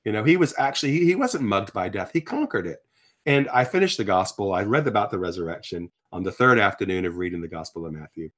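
A man in his sixties telling his conversion story in conversation, animated, acting out quotes as he talks. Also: on the low side, fast talker. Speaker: guest sharing his testimony. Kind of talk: conversational faith testimony.

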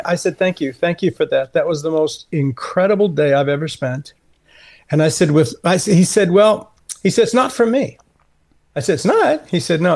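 A middle-aged man with a high, light voice tells a personal story as an interview guest. He is earnest and animated, and he voices each person's lines as he goes. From California. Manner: earnest, animated storyteller who acts out quoted dialogue. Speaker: guest, Christian author.

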